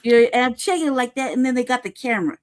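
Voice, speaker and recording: A woman's voice: fairly high pitch, lively intonation, quick pace. A woman angrily recounting events in casual, profane chat, stressing each point and often tagging "right?". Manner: heated, profane, emphatic; peppers talk with "right?" and "cuz". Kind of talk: casual storytelling.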